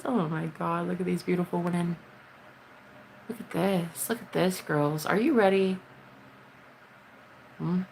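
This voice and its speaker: A woman talks casually to her live-stream viewers in a low voice with plenty of vocal fry. She is blunt and swears freely, and her voice leaps high whenever she greets someone. A faint noise runs under the recording. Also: steady tone, unhurried, long pauses, a little mellow. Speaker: livestreamer.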